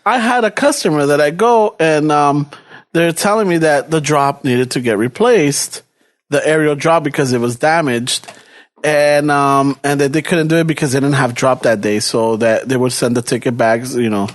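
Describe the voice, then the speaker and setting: La dude telling a work story on a podcast, high voice, swears a lot, throws in spanish. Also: male voice, normal speed. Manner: profane, animated, acts out dialogue, mixes Spanish slang. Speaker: podcast co-host. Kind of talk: casual storytelling chat.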